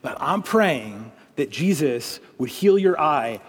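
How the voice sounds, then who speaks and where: Man, husky and a bit high, animated testimony, church hall reverb. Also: slow pace. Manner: animated storyteller, many fillers, drops to a hushed prayer. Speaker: guest speaker. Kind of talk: testimony and prayer.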